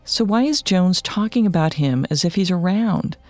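A man narrating a scripted true-crime story in a measured, matter-of-fact way. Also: high-pitched, expressive, a little mellow, no room sound, faint music behind. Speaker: podcast narrator.

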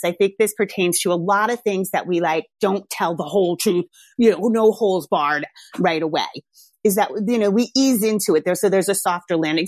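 A woman's voice: medium pitch, darkish tone, no room sound, clean studio sound. A middle-aged mother animatedly telling a story to her viewers, laughing and acting out the voices of the people she quotes.

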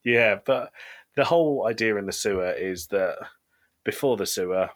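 Brief: low-voiced British podcast co-host, dry and self-deprecating. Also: male voice, moderate pace. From Britain. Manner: dry, pessimistic humor, frequent laughs. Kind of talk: casual chat.

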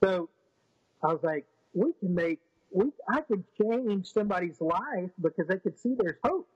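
A man telling a long, rambling personal story in an interview, full of restarts and fillers, and lively when he quotes other people. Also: sits high, normal speed, slightly rough, no room sound, highs cut off. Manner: animated when quoting others. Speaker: interview guest. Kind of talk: casual storytelling.

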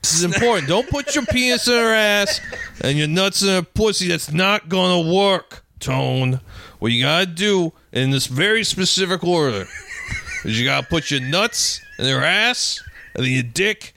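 A man's voice: sits high, animated, moderate pace, creaky, pushed and bright, slight background noise, exaggerated voice. A man voicing a crude, bossy man who eagerly coaches his buddy through each step. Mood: bossy coaching.

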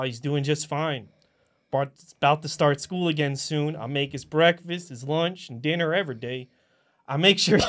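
A man's voice: a little high, fairly bright tone. A man from Queens, New York, doing a comedic mock audition, reading a monologue earnestly with stumbles and shifting accents.

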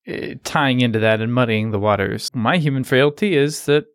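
A man's voice: medium pitch, normal speed, clear, resonant tone, no room sound, clean studio sound. A man co-hosting a casual movie discussion, laughing often and chiming in briefly. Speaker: podcast co-host.

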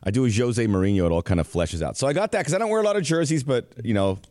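A man co-hosting a casual sports podcast, joking and animated with quick asides. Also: mid-range voice, dry recording, clean studio sound. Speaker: podcast co-host.

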